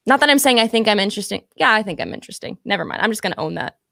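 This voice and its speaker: A woman in casual chat on a call-in show, talking candidly and quickly, laughing at herself and full of fillers. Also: medium pitch, lively intonation, vocal fry, pushed and bright, no echo, clean studio sound.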